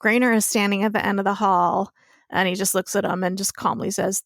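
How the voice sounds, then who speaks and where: A woman's voice: mid-range voice, fairly even intonation, brisk, a bit bright, no room sound, studio quality. A young woman co-hosting a podcast, retelling a TV episode in a chatty, casual way with plenty of swearing. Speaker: podcast co-host. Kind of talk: casual TV recap chat.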